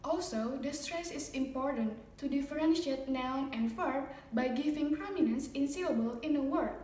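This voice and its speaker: A woman student presenting a scripted phonetics lesson, reading example sentences in a steady, explaining tone. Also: high voice, moderate pace. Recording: roomy, distant from the mic.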